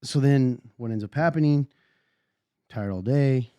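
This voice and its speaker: A man co-hosting a casual faith podcast chat, hoarse from a sinus illness and drowsy, clearing his throat often. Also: mid-range voice, a little slow, dark tone, no echo, studio quality. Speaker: podcast co-host.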